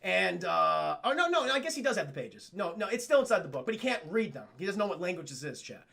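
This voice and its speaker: A young man casually retelling a cartoon episode to his live chat, animated and profane, jumping up and down in pitch when he quotes the characters. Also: quick pace, creaky. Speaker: cartoon reviewer streaming to chat.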